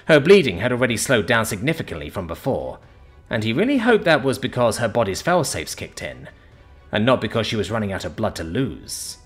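Husky, animated male storyteller. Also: fairly low pitch, fairly quick, faint music behind. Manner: dramatic, expressive storytelling. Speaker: story narrator. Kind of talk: scripted narration.

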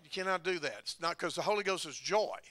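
A man's voice: sits high, lively intonation, fast, sharp tone. A man preaching a testimony, telling folksy stories and laughing at himself. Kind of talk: testimony sermon. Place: church sanctuary.

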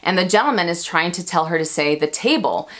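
Woman, American accent, chatty, laughs a lot, slightly low voice, Q&A vlog. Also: expressive, fairly quick, a bit bright. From United States. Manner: chatty, laughs often, self-deprecating. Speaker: luxury handbag YouTuber. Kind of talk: casual Q&A vlog chat.

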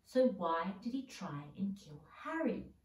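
A woman's voice: medium pitch, big pitch swings, a little slow, a little mellow. Lady doing know-it-all schoolgirl witch, insistent, far-off mic. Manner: insistent, emphatic. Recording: roomy sound, mic at a distance.

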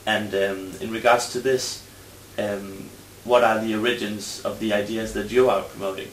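Hesitant, low-voiced man asking questions. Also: steady tone, moderate pace, fairly bright tone. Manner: hesitant, many fillers. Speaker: interviewer. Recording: distant mic, roomy echo, faint hiss.

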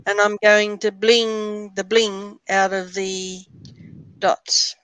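Australian woman, guest crafter, unhurried talk, dry joking asides, dry close sound. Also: mid-range voice, level tone, a bit bright, smooth, dry recording, poor audio. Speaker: guest artist. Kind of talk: casual chat while crafting.

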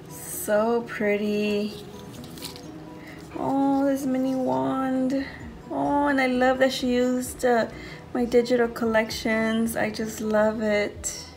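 A woman with a fairly high voice gushes over craft goodies in an easygoing unboxing vlog. She talks slowly and lingers on each word. Music plays clearly behind her. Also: poor audio. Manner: gushing, excited, says "so cute" often. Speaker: craft channel host.

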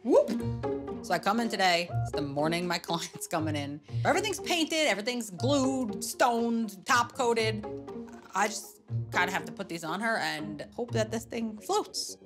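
Upbeat woman nail artist with lively pitch. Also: unhurried, music in the background. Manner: upbeat, laughs often. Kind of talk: reality show narration and salon chat.

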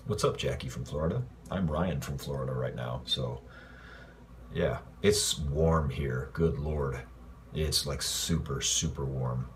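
A man from Los Angeles casually answering fan messages in a livestream, rambling and relaxed with lots of fillers. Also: a bass voice, a little slow, noisy background. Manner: laid-back, rambling, loose with fillers. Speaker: actor answering fans.

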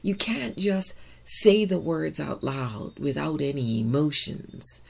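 A woman minister preaching a sermon in an emphatic, loud way. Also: low-pitched, big pitch swings, slow, gravelly, slight background noise. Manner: emphatic, says she is loud, shouts key words.

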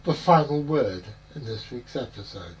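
A man's voice: medium pitch, lively intonation, normal speed, muffled recording, slight background noise. A man hosting a podcast in a rambling, jokey chat full of puns. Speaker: podcast host. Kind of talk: casual chat.

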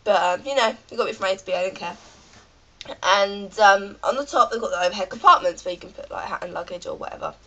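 A woman's voice: medium pitch, fast talker, sharp tone, low-quality recording. A British woman with a cold, ranting in a rambling, chatty vlog full of fillers. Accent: British English. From Britain. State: has a cold. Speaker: vlogger.

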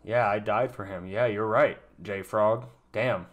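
A young man streaming his live reaction to a musical, excitable, emotional and swearing often. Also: on the low side, slow pace, dull audio.

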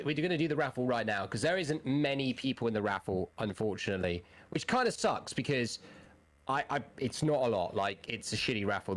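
A man co-hosting a live gaming stream, running a raffle and reading off numbers in a rambling, swear-laced way. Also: mid-range voice. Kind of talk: casual live-stream chat.

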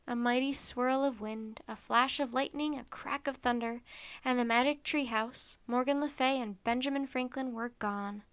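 A woman's voice: a little high, moderate pace. Woman reading a children's story aloud. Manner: clear, steady read-aloud narration.

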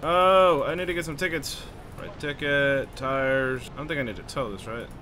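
A man's voice: mid-range voice, moderate pace, sharp tone, a little hiss or hum. A man commentating a video game, cursing and muttering to himself. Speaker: gamer. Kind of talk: let's play commentary.

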